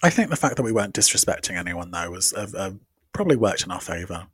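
A man co-hosting a podcast, playful and quick to joke. His pitch leaps around a lot and his voice has a husky edge. He sounds close and dry on the mic. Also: very animated, no echo. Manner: playful, joking, quick to laugh. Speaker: podcast co-host. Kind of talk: casual chat.

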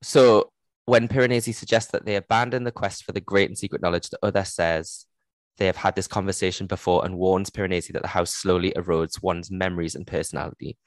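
A young Geordie woman with a notably low voice talks through a novel in a loose, chatty way. She laughs easily and swears freely. The sound is close and dry. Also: fairly even intonation, fast, dry recording. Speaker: podcast co-host. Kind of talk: casual book-club chat.

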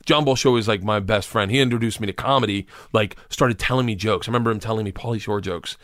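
Fast-talking man telling a rowdy story. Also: lowish voice, a bit bright, dry recording, studio quality. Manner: rambling, profane, acts out voices of people in his stories. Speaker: comedian guest. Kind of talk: casual storytelling.

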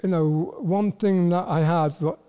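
High-voiced Welsh man in his 60s. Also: dark tone, clean tone. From Wales. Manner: halting, repeats words, self-deprecating. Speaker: guest, former footballer. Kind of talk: casual interview chat.

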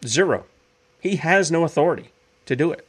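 An emphatic man delivers opinionated commentary as a show host. His voice sits a little high and swings widely in pitch, and he hammers home points by repeating them. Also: animated, normal speed. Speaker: podcast host.

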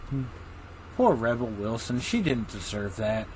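Man, wry deadpan banter, frequent low hums, faint background hiss. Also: a little slow, rough recording. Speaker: podcast co-host. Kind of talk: casual crude banter.

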